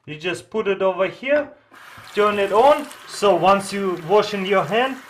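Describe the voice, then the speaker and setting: A man's voice: high voice, animated, measured pace, a little hiss or hum, poor audio. A man filming a casual how-to vlog, enthusiastically showing life hacks in loose, non-native English and chatting to his dog. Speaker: vlogger demonstrating life hacks.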